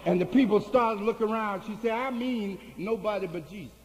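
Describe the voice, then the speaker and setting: A man preaching a sermon, telling a story in a low voice and rising to high shouted climaxes. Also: a little fast, lo-fi sound. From United States. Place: large hall with an audience. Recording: reverberant hall with faint hiss, 1980 archive.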